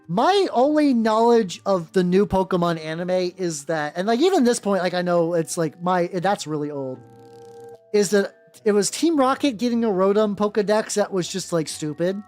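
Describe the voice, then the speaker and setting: With faint background music playing, a young woman VTuber rambles casually as she paints miniatures, peppering her speech with "like" and swearing freely. Her mid-range voice is expressive and darkish in tone, moving at a moderate pace.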